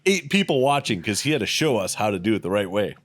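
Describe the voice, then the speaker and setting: A veteran tells a crude story with a lot of pitch movement and bursts of laughter. His voice sits in the middle register. It is recorded dry at the mic. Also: very animated, fast, dry recording. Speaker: podcast co-host, veteran. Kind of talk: casual storytelling chat.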